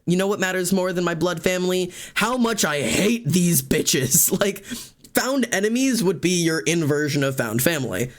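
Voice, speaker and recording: Chatty, profane male streamer. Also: a little high. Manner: rambling, profane, laughs often. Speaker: live streamer. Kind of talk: casual chat while gaming. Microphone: desk microphone.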